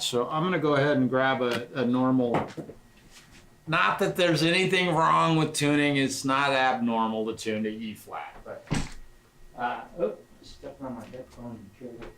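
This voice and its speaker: A man's voice: medium pitch, fairly bright tone, a little hiss or hum. A middle-aged man livestreaming as a guitarist, chatting casually in a rambling, sentimental way with frequent swearing.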